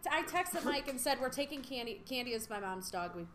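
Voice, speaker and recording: A woman's voice: high voice, animated, fairly quick, fairly bright tone, a little hiss or hum. A woman co-hosting a casual podcast chat, making blunt, teasing remarks. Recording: echoey room.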